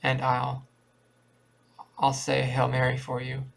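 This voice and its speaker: A man's voice: mid-range voice, little pitch movement, a little slow, gravelly. A man voicing a frightened little boy who pleads with his father in a storybook reading. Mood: begging.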